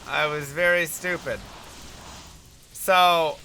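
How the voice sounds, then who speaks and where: A man's voice: fairly high pitch, fairly even intonation, slow pace, pushed and bright, slight background noise. A man telling a rambling, self-mocking story in casual chat while streaming a game.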